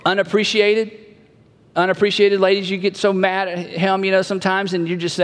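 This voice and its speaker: A man's voice: sits high, steady tone, moderate pace, a bit bright. A male pastor preaching a sermon in a conversational way, repeating key phrases and acting out quoted dialogue. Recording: long hall reverb.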